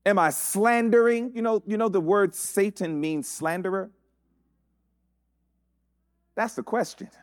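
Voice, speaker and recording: A man's voice: sits high, measured pace, long pauses, no room sound, studio quality. A man preaching a sermon, building his points through repeated rhetorical questions.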